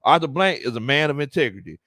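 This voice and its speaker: Reading viewer comments aloud and laughing often, a sports talk show host runs a casual live-stream chat. His mid-range voice is pushed and bright, with big pitch swings and a quick pace, in clean studio sound with no room reverb.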